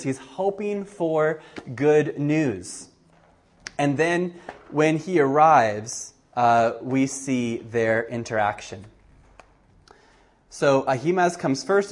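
A man preaching a sermon, reading scripture aloud and acting out the quoted speakers with animated shifts in voice. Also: measured pace. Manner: animated, acts out quotes with rising pitch. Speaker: pastor.

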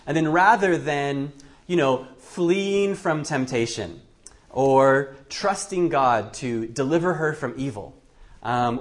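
A male preacher giving a Bible teaching sermon, thinking aloud with frequent restarts. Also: mid-range voice. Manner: thoughtful, with frequent restarts and fillers.

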